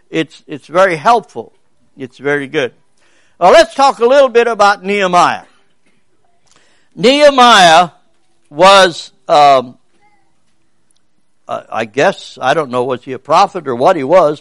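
A man preaching a sermon as a pastor in a folksy, rambling way, often halting and restarting his sentences. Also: on the high side, fairly bright tone, no room sound.

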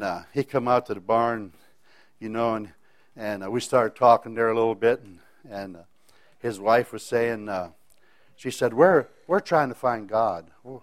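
A man telling a personal faith testimony in a folksy, rambling way, often restarting his sentences. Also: mid-range voice. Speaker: speaker sharing a faith testimony.

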